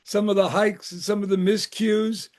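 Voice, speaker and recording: Older man with a high voice, casual storyteller, restarts and chuckles. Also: flat delivery, normal speed, a little mellow. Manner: rambling anecdotes with frequent restarts and laughs. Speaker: guest, former camp rec director.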